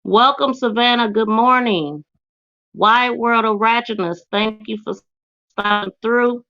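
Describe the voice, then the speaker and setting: Slow-talking woman stream host, muffled. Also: on the high side, a bit bright. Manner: greets viewers by name, emotional and indignant. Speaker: YouTube channel host. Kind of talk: casual live-stream commentary.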